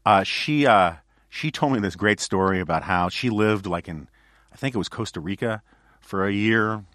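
A man with a fairly low voice hosts a podcast in loose, casual chat. He rambles through anecdotes with plenty of fillers and restarts. The sound is dry and close, with no room echo. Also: fairly bright tone. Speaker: podcast host.

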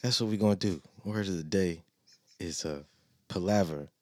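A man co-hosting a casual podcast chat, relaxed, reading out definitions between jokes. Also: low-pitched, normal speed. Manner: reads definitions aloud, laid-back. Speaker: podcast co-host.

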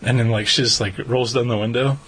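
A man's voice: mid-range voice, fairly even intonation, fast, a bit bright, breathy edge. A man co-hosting a podcast, chatting casually and acting out the dialogue of a story he tells. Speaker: podcast co-host. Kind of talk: casual chat.

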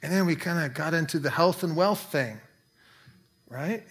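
A pastor preaching a sermon in a conversational way, breaking into quick asides. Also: male voice, a little high, sharp tone.

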